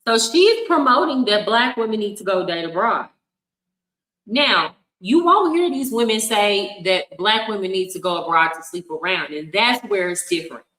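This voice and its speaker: Bright-voiced woman, blunt and echoey. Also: mid-range voice, animated, moderate pace. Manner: frank, blunt, laughs often. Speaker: livestream host. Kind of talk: casual reaction commentary. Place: home in Colombia. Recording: echoey room.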